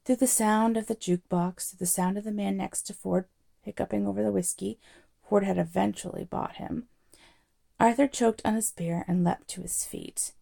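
Gravelly woman reading a novel aloud. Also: mid-range voice, steady tone, normal speed, warm tone. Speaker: narrator.

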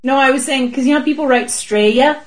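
A woman's voice: high-pitched, fast talker, rough recording. A young woman co-hosting a podcast, chatting in a playful, teasing way and laughing often. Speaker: podcast co-host. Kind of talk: casual chat.

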